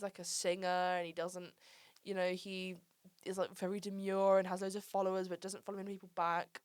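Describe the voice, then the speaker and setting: A woman's voice: medium pitch, no room sound. A woman from England in her twenties, hosting a casual chat and telling stories, full of "like" and "um". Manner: chatty storyteller, lots of "like" and "um". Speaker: podcast host.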